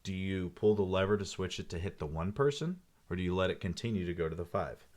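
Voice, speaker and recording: This is a man with a deep, low-pitched voice talking casually with a friend about a TV episode. He retells scenes with animated energy and an easy, conversational flow. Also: fast talker. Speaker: co-host. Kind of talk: casual TV episode review chat.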